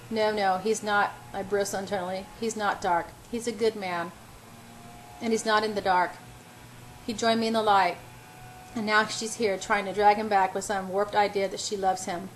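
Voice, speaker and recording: A woman's voice: medium pitch, fairly even intonation, normal speed, slight background noise, rough recording. A woman reading a first-person novel aloud in an unpolished way, stumbling over words and correcting herself. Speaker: audiobook reader.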